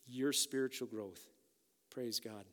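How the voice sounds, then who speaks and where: A man preaching a sermon, energetic, swinging from loud urgent exhortation to quiet emphasis. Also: medium pitch, takes it slowly. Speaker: pastor. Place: church sanctuary. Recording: long hall reverb with faint guitar behind. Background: soft guitar music.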